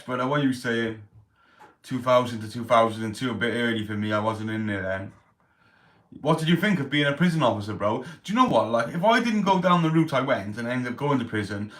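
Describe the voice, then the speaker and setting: A Welsh man hosts a casual livestream in a mid-range, slightly bright voice. He's chatty, reading chat comments aloud and telling stories in street slang.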